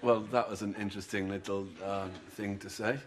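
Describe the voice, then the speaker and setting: A man's voice: on the low side, level tone, fairly quick, very noisy, close to an everyday voice. A man playing a rambling, jokey best man. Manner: jokey, rambling, goofy asides. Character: clownish, rambling male best man, young adult. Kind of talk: sitcom acting. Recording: TV sitcom recording with loud audience laughter.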